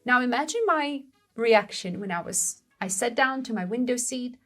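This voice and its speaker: A young woman co-hosting a show, telling a story in a lively, exclaiming way. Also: on the high side, moderate pace, soft background music. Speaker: co-host of a language-learning show. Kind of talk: casual conversational storytelling.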